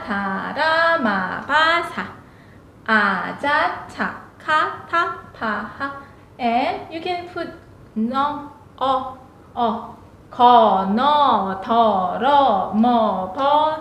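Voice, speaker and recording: A woman with a Korean accent, a native Korean speaker teaching a beginner language lesson and repeating syllables with sharp emphasis. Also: on the high side, roomy sound, a little hiss or hum.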